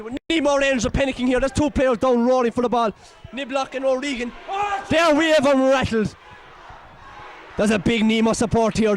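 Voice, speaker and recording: Irish man, partisan match commentator, very high voice, excitable, scolds players. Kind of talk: partisan local sports commentary.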